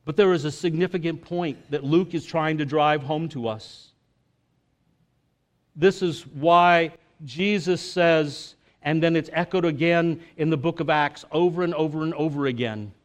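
A man's voice: on the high side, unhurried. A male preacher giving a sermon in a casual, conversational way, with jokes and filler words.

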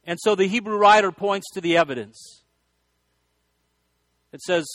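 Guy preaching, kinda high voice, folksy and rambly, dry sound. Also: a little slow, pauses often, fairly bright tone, dry recording. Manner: folksy storytelling with repeated restarts. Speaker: pastor. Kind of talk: sermon.

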